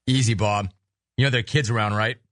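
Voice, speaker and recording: A man's voice: on the low side, steady tone, fairly bright tone, no room sound, clean studio sound. A man hosting a sports talk radio show, riffing in a sarcastic, mocking way. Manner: sarcastic, mocking, rapid riffs.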